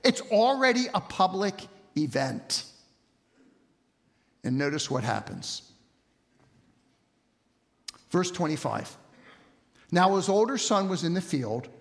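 A man preaching an expository sermon, telling the story with animated energy and rhetorical questions. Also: high voice, creaky. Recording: long hall reverb.

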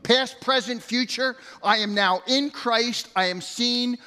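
An extremely high, bright, smooth voice with a forceful tone moves at a slow pace as a middle-aged man preaches as pastor. His sermon is conversational, with repeated words and stories, set in a church sanctuary with long hall reverb.

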